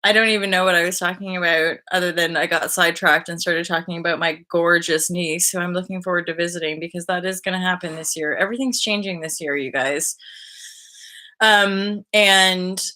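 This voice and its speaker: A woman in her thirties hosting a spiritual live vlog in a rambling, animated, casual way, often sidetracking and jumping into high gushing voices. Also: a little fast. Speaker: spiritual vlogger hosting a live energy update.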